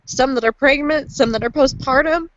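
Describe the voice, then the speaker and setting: A woman's voice: high-pitched, moderate pace, a bit bright, no room sound, lo-fi sound. A woman in her thirties giving earnest, emotional personal testimony on a panel call, breaking into pep-talk bursts. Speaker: panelist sharing lived experience.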